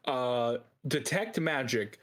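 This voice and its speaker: A man's voice: mid-range voice, animated, slow, fairly bright tone. A man acting as game master, narrating a tabletop game and working through rules on the fly with frequent laughs.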